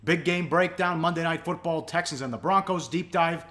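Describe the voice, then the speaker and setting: High-voiced, excitable male betting host. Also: normal speed. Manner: excitable, hyped-up delivery. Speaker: sports betting show co-host. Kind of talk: energetic sports betting chat.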